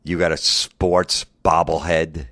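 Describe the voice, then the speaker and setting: A man's voice: extremely low pitch, level tone, takes it slowly, a bit bright, no echo, clean studio sound. A comedian in his forties delivering an angry, mocking, profane comedic rant. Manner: angry, mocking, heavy swearing.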